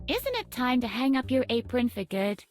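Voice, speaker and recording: A woman's voice: fairly high pitch, big pitch swings, moderate pace. A woman voicing a plucky young woman escaping an asylum in a video game, chirpy and offbeat. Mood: playful. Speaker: game protagonist. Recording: game audio with faint music.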